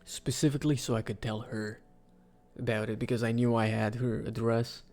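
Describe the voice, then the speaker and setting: A man giving casual, rambling commentary for a video, with sudden excited outbursts. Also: medium pitch, moderate pace. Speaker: video creator. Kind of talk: casual commentary ranking game characters.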